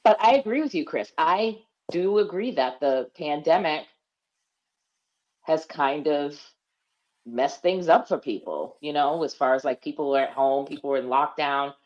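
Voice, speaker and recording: A woman's voice: sits low, expressive, unhurried, a little mellow, muffled recording. A woman co-hosting a casual chat, frank and blunt as she tells stories. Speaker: podcast co-host.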